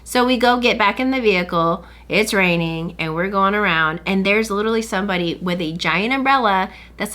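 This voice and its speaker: A woman's voice: medium pitch, a little fast, hardly any pauses, fairly bright tone. A woman hosting a podcast, chatting casually and retelling a story animatedly, acting out what other people said. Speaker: podcast host.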